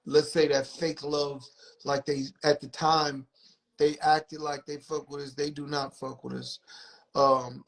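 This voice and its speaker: A man's voice: fairly high pitch, poor audio. A man in the music business telling a candid, profane story as a podcast guest, acting out other people's lines.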